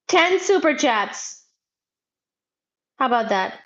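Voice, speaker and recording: A woman chats through her physics livestream, reading comments aloud in a loud, playful, slow-paced manner that edges toward shouting. Her voice sits fairly high, and the audio is a bit dull and lo-fi. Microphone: wearing headphones.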